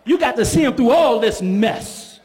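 A man, a bishop, preaching a sermon in church, calling for responses from the congregation and building up to shouts. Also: very high-pitched, expressive, normal speed.

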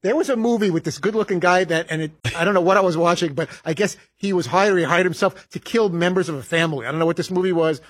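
A man's voice: sits high, quick pace, few pauses. A man co-hosting a radio show, rambling earnestly through stories in casual studio banter. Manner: rambling, earnest, slightly naive storytelling.

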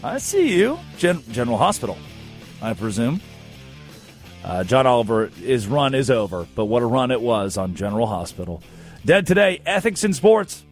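A man hosting a casual sports talk show, telling stories in an animated, joking way. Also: medium pitch, moderate pace, faint music behind. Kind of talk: casual comedic chat.

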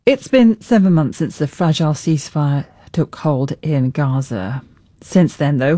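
Crisp scripted news presenter. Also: medium pitch, dark tone, dry recording, clean studio sound.

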